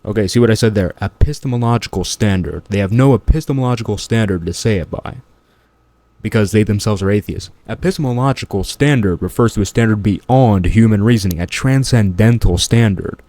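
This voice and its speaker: Blunt, low-voiced man arguing his point. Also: a little fast, warm tone, no echo. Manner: blunt, argumentative, dismissive. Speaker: commentary channel host. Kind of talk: reaction commentary.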